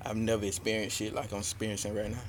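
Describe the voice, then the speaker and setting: A man's voice: fairly low pitch, completely flat delivery, rapid-fire, slight background noise. A man co-hosting a podcast, telling a long story in loose slang with lots of "you feel me". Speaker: podcast co-host. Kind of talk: casual podcast chat.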